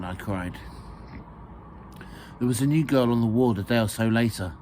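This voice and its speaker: A man's voice: mid-range voice, moderate pace, pauses often, a little mellow, a little hiss or hum. A man reading his own memoir aloud, hesitant with fillers and a dry sense of humour.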